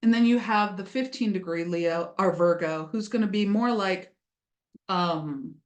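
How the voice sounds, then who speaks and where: A woman who hosts a casual astrology lesson, chatty and playful, slipping into little acted voices. Her voice sits at a middle pitch and carries a roomy echo. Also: measured pace. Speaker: astrology teacher. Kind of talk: casual teaching talk.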